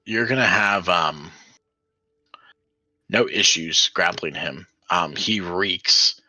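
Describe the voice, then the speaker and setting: A man's voice: deep voice, takes it slowly, bright, forceful tone, dry recording. A man running a tabletop game as game master, rambling with many fillers.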